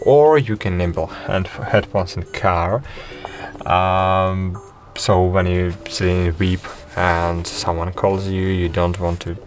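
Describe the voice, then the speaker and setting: A man with giving a halting phone tutorial, full of fillers and restarts. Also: low-pitched. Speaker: tutorial host. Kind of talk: screen-recorded how-to narration.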